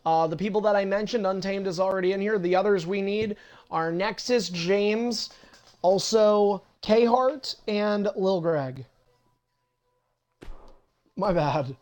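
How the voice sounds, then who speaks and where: A man's voice: high-pitched, takes it slowly, long pauses, darkish tone. A young man hosting an online wrestling league on a livestream, casually setting up matches and cursing impatiently at players who are late. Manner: profane, impatient, bossy.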